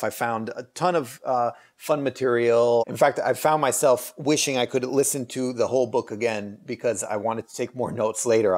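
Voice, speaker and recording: A man's voice: medium pitch, a little mellow. A man hosting a casual book review video, talking in a rambling, hesitant way with many fillers and restarts. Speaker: channel host reviewing books.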